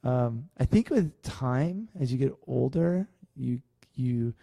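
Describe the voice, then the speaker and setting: A man co-hosting a podcast and teaching karate, chatting in a rambling, animated way full of "like" and "right?". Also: mid-range voice, takes it slowly, gravelly, no room sound. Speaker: podcast co-host and karate instructor. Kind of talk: casual podcast chat.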